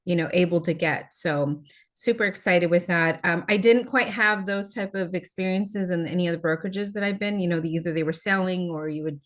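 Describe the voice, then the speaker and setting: A woman's voice: lowish voice, fairly quick. A woman giving a chatty, grateful testimonial on a video call, with plenty of fillers. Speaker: meeting participant. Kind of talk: casual testimonial.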